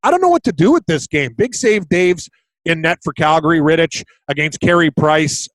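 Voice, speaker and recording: An excitable man co-hosts a sports betting podcast, loose and blunt, with casual swearing. His voice sits a little high. The sound is dry and close, with no room around it. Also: normal speed, no room sound, low-quality recording. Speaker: podcast co-host, betting analyst.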